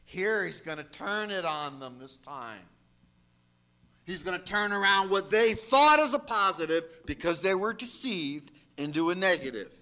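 A middle-aged man preaching a sermon in a fairly high, bright voice. He speaks slowly and emphatically and lifts into shouted exhortations. His delivery is deliberate and unhurried. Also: expressive. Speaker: pastor.

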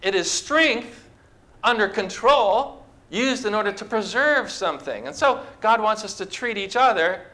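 A man's voice: high-pitched, expressive, measured pace, sharp tone. A man preaching a sermon to a congregation, talking conversationally and asking the people questions. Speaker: pastor. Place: church with a congregation.

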